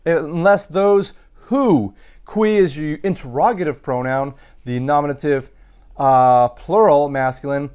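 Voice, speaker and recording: Slow, methodical male Latin teacher. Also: a little high, a little mellow, clear, resonant tone. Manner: methodical, parsing aloud with frequent fillers. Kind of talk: recorded grammar lesson.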